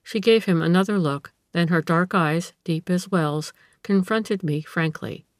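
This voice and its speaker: Female audiobook reader, measured narration, lowish, dry close sound. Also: dry recording. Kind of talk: scripted narration of a classic story.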